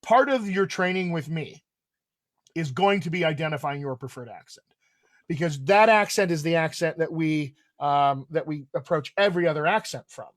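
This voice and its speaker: A man's voice: a little high, expressive, normal speed, no room sound. A man with a General American accent, hosting a live question-and-answer chat as a dialect coach, enthusiastic and full of restarts.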